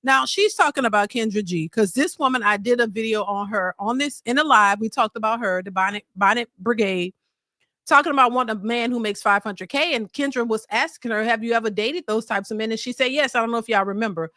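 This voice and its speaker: A woman's voice: a little high, brisk, sharp tone, no room sound, clean studio sound. A woman hosting a reaction stream, giving casual commentary on a clip and bluntly firing rhetorical questions at its guest. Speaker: reaction channel host.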